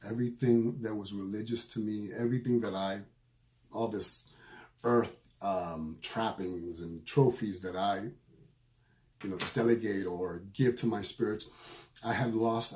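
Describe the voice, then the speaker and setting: Earnest and emotional, a middle-aged man who works as a spiritual medium shares a personal story, frequently pausing and repeating himself. He speaks in a low, steady, dark-toned voice.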